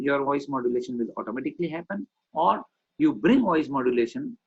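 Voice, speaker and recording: Animated male trainer on a lo-fi call. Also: medium pitch, a little fast, slightly rough. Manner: animated, demonstrates voice modulation with swings from whisper to loud. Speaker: communication trainer. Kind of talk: online training session. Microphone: video call.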